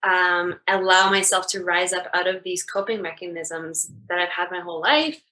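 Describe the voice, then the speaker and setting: A woman's voice: lowish voice, moderate pace, sharp tone, poor audio. A woman being interviewed as a guest, talking candidly and reflectively with many "like" fillers. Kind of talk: casual reflective conversation.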